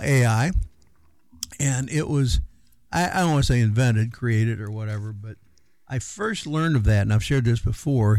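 Man, radio co-host, gravelly, rambling, casual chat, dry studio sound. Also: medium pitch, a little mellow, no echo. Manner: rambling, many fillers and restarts.

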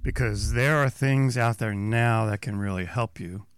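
A middle-aged man co-hosting a radio show, joking with quick quips in casual chat. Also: fairly low pitch, clean tone, dry recording, studio quality. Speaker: radio co-host.

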